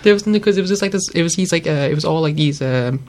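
A man's voice: fairly high pitch, fast talker, darkish tone, slight background noise. A young man in casual chat among friends, rambling with fillers and acting out quoted reactions.

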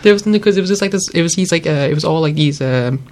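Fast-talking young adult with slight accent. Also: medium pitch, a little mellow, slight background noise. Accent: slight foreign accent. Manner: rambling, full of "like" fillers. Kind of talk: casual chat.

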